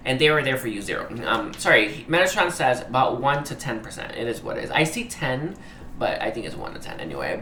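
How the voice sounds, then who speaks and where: Emotionally moved and earnest, a man reads tarot in a mid-range voice that sounds bright and forward. He keeps stumbling over words and saying sorry, while the room echoes and a faint background hiss lingers.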